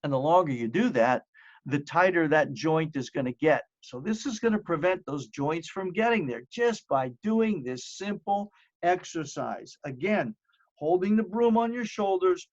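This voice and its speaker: Middle-aged guy, kinda high voice, chatty fitness walkthrough, muffled lo-fi sound. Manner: chatty, upbeat, repeats phrases for emphasis. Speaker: wellness presenter. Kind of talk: home fitness presentation. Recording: dull lo-fi audio.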